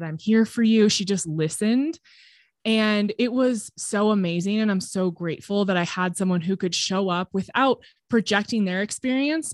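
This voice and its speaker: A woman's voice: medium pitch, no echo. Woman guest on a podcast, blunt and open, cusses a lot, dry close sound. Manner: frank and expressive, swears freely. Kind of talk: candid conversational storytelling.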